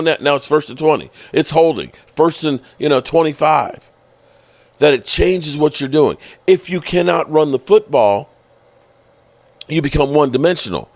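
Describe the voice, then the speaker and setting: A man hosting a sports podcast, casually explaining football plays in an animated, profane way. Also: fairly high pitch, no room sound. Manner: animated, explanatory, swears freely.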